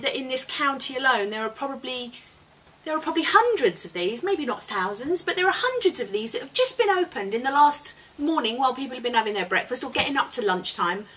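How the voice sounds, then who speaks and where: A woman's voice: fairly high pitch, bright, forceful tone, a little hiss or hum, rough recording. A woman guest chatting earnestly as an eco campaigner, laughing often, recorded at a home dining table. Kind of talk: casual chat. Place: home dining room, indoors.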